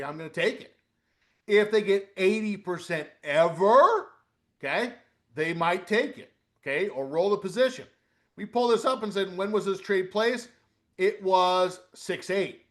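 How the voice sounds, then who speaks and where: A middle-aged man teaching a live trading webinar, animated, asking questions aloud and checking in with "okay?" as he goes. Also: high voice. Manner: animated, repeats "okay?" and asks questions out loud. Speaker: trading coach.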